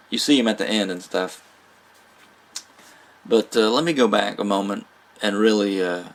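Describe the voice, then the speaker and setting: A man giving a casual spoken movie review, rambling with fillers, restarts and small laughs. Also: lowish voice. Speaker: film reviewer.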